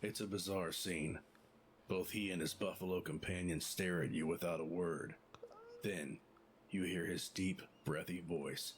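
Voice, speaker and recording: A man voicing the calm, measured narrator of a video game, speaking slowly. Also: deep voice, slight background noise. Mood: ominous.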